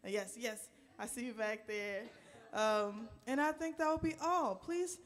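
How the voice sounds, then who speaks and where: Playful woman leading a slow singalong. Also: a little high. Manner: encouraging, playful, half-sung calls. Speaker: park ranger and band singer. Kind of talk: leading an audience call-and-response singalong. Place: live jazz performance indoors. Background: live jazz band.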